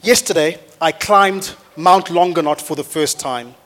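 A pastor in his thirties preaches to his congregation in a church auditorium, his lively storytelling repeatedly rising into loud, rousing exhortation. His voice sits fairly high for a man, and he speaks a little slowly.

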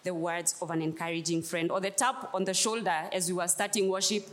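A woman's voice: fairly low pitch, steady tone, a little fast. Emphatic woman preaching a sermon. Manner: storytelling, emphatic, repeats key phrases.

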